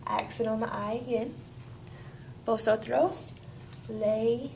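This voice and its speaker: A woman's voice: on the high side, fairly even intonation, slow pace, creaky, a little mellow, a little hiss or hum. A woman teaching a Spanish grammar lesson, walking students through each step in an upbeat way.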